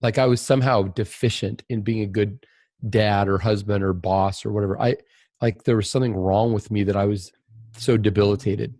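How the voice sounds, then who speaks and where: A man's voice: fairly low pitch, fairly even intonation, brisk, darkish tone, no echo. A man on a podcast talking as a guest, earnest and reflective, often restarting his sentences as he tells a candid personal story.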